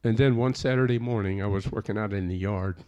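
A man's voice: fairly low pitch, fast talker, darkish tone. A man telling a personal testimony in an earnest, plainspoken storytelling way. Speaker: speaker giving a personal testimony.

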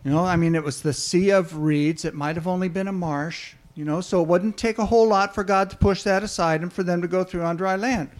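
A patient preacher, as a man plays him, calmly lectures in a high-set voice. His tone is measured and corrective. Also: close to an everyday voice.

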